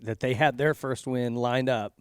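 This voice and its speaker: A man's voice: mid-range voice, fairly even intonation, moderate pace, clean tone, no echo, studio quality. A man hosting a casual podcast interview, chatting along and prompting his guest with details of his own. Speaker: podcast host.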